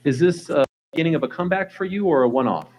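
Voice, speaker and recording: Guy running a fight presser, rapid fire questions, lots of uhs. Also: fairly high pitch, expressive, rough recording. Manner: fast, filler-heavy questioning. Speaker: press conference moderator.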